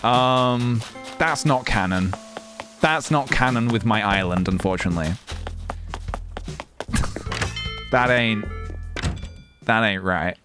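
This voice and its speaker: A man's voice: lowish voice, slow, long pauses, music in the background. A man chatting casually with viewers while streaming a game, meandering, laughing often and humming little tunes to himself. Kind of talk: casual gameplay livestream chat.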